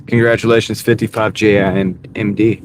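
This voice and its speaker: A man's voice: on the low side, level tone, moderate pace, poor audio. A man chatting casually on a live stream while driving for deliveries, rambling and easygoing. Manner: rambling, easygoing, many fillers. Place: inside a car while driving. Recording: car noise in background.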